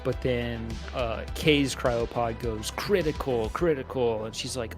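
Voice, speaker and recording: A man's voice: medium pitch, steady tone, measured pace, few pauses, faint music behind. A man co-hosting a podcast, casually recapping a movie plot with profane, jokey asides. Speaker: podcast co-host.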